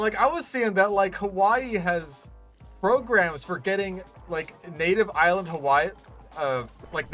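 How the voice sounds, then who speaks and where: Bright-voiced, sarcastic gaming YouTuber. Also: male voice, sits high. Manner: profane, sarcastic and ranting, with many fillers. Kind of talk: casual ranting commentary while building a park in a game.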